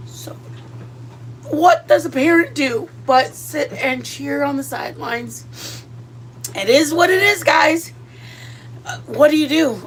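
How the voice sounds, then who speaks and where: Middle-aged woman, high bright-toned voice, rambling self-deprecating home-cooking vlogger. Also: slight background noise. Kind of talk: casual chat.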